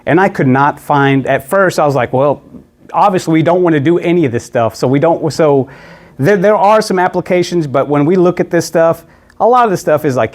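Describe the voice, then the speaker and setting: A man's voice: a little high, animated, a little fast, darkish tone. A man preaching a casual sermon, retelling a scripture story in a conversational way and briefly acting out the characters' lines.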